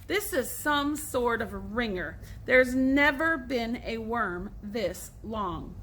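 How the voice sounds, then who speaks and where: A woman voicing a suspicious, stubborn young boy who yells excitedly in a storybook reading. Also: a little high, slow, a little hiss or hum. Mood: reluctant. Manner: excited yelling.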